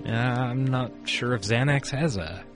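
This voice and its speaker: A man's voice: mid-range voice, a little slow, music in the background. A man co-hosting a casual podcast, laid-back and joking, with lots of hesitant fillers. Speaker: podcast co-host. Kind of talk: casual rewatch podcast chat.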